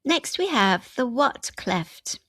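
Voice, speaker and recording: Slow, clear woman teaching grammar. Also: on the high side, big pitch swings, fairly bright tone, no echo. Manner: clear, step-by-step explaining with example sentences. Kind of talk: scripted grammar lesson.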